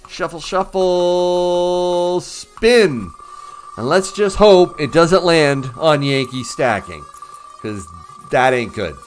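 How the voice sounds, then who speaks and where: A man's voice: mid-range voice, animated, takes it slowly, soft background music. A man hosting a casual livestream, chatting with viewers in an upbeat, easygoing way. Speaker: livestream host.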